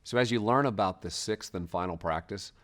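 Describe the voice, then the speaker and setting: Man, lowish voice, scripted series introduction, steady measured delivery.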